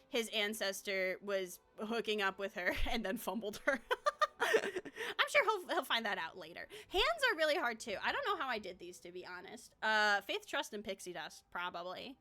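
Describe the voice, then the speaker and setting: A woman's voice: mid-range voice, sharp tone. A woman streamer chatting casually about her own characters, rambling with lots of fillers and frequent laughter.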